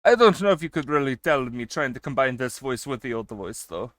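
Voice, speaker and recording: A man streaming and chatting casually with his viewers. He swings between loud excited bursts and quieter asides, and he swears casually. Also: medium pitch, fairly quick, no room sound, studio quality. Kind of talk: casual chat with a live stream chat.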